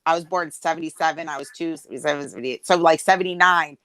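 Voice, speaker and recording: Low-voiced woman telling a rambling story. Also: racing, a bit bright, a little hiss or hum, low-quality recording. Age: 40s. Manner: rambling, many fillers, acts out quotes. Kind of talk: casual storytelling chat.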